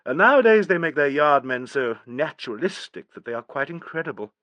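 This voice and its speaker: A man's voice: very animated, fairly quick, a bit bright, no echo. A man playing a bitter, brooding young woman. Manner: deep voice with falling inflection, bitter. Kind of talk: audiobook character reading.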